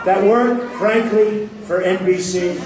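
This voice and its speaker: A political candidate speaks slowly at a rally, his high-pitched voice fairly even in intonation. He boasts, rambles, repeats himself, and jabs sarcastically at the press. It's captured from far off in an echoey, packed hall with crowd noise.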